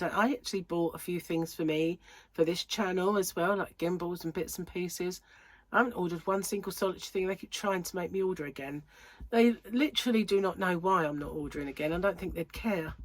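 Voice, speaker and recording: Chatty woman host, lowish voice, a bit snuffly and breathless, rambling and giggly, dry close sound. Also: dry recording. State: slightly congested and out of breath. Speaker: crochet channel host. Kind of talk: casual chat to camera. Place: home room under lights.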